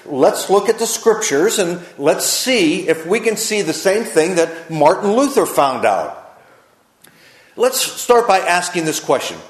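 A male preacher delivers a sermon at an unhurried pace, leaning hard on key phrases. His voice sits a little high and swings widely in pitch. The sound carries a noticeable room echo. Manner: emphatic, slows down to stress key phrases.

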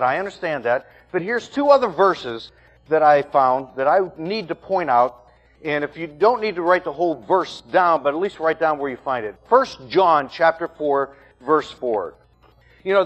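A man's voice: on the high side, highs cut off. A man preaching a sermon as pastor, emphatic and repetitive, building points in phrases.

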